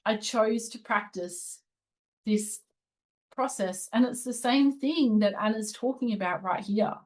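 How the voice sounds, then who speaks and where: A woman's voice: on the high side, measured pace, a little mellow, low-quality recording. A woman hosting a spiritual channel, giving casual commentary and sharing personal stories in an earnest, confiding way.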